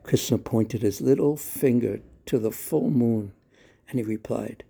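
A man telling a devotional story in a calm, measured storyteller's voice. His tone is very dark and husky, and he takes his time over every phrase. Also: medium pitch.

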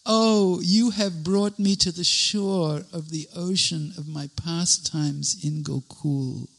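A man voicing a playful young cowherd god in disguise who speaks slyly and teasingly, his voice husky. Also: a little high, fairly even intonation, slow pace, exaggerated voice. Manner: sly, gently teasing.

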